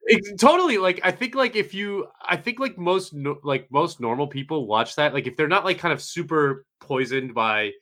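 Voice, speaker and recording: A man with a bright, forward voice chats on a podcast, circling his point with lots of hedges and fillers. His tone stays loose and conversational. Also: a little high, animated, normal speed, few pauses. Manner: rambling, hedging with many fillers. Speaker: podcast co-host. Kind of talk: casual podcast chat.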